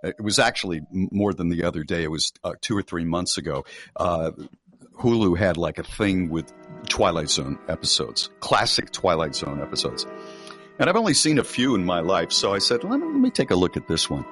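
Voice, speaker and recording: A man's voice: low-pitched, brisk. A man co-hosting a radio talk show, retelling a spooky story with acted-out quotes over a music bed. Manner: animated storyteller acting out quotes.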